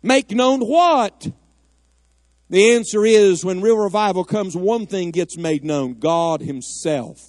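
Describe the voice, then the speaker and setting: A man's voice: high-pitched, unhurried, hardly any pauses, a little mellow, no room sound. A middle-aged man preaching a fervent, emphatic sermon in a church, rising at times to cries of prayer. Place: church sanctuary.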